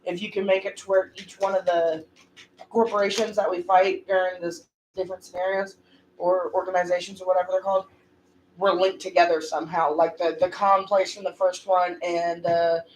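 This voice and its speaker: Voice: mid-range voice, flat delivery, normal speed, a little hiss or hum. A player chatting after a tabletop game, asking eager questions and swearing freely. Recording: roomy, distant mic.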